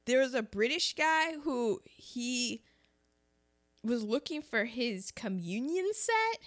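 Lively, animated woman chatting casually. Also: fairly high pitch, slow pace. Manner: animated, acts out lines from the film, laughs often. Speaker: co-host discussing a war film. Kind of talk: casual chat.

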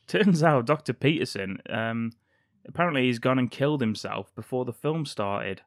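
A man's voice: mid-range voice, lively intonation, normal speed, dry recording. A man co-hosting a podcast, recounting a film plot in a dry, joking way with frequent laughs. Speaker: podcast co-host. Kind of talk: casual chat recapping a film plot.

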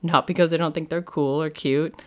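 Very deep-voiced woman chatting casually. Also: fairly even intonation, a little fast, a little mellow. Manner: chatty and rambling, heavy use of "like". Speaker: podcast host and medium. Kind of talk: casual solo podcast monologue.

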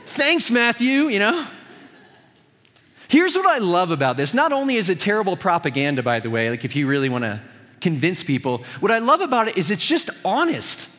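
A man's voice: fairly high pitch, wildly swooping pitch, fast, fairly bright tone, long reverb tail. A man preaching a sermon as pastor, conversational and earnest with touches of humor.

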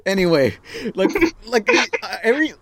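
A man's voice: high-pitched, big pitch swings, normal speed, background noise. A man hosting a casual podcast chat who rambles, stumbles over his words and swears freely. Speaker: podcast host.

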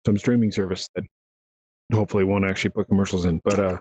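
A man hosting a casual gaming podcast, telling rambling, animated stories. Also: low-pitched, fast, low-quality recording. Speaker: podcast host.

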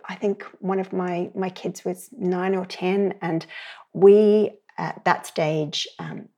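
A middle-aged woman with a lowish, husky voice, speaking as a parenting educator in a relaxed podcast interview. She tells her stories with energy and acts out the people she quotes. Her rasp stays light and never turns harsh. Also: slow. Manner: lively storyteller who acts out quoted voices.

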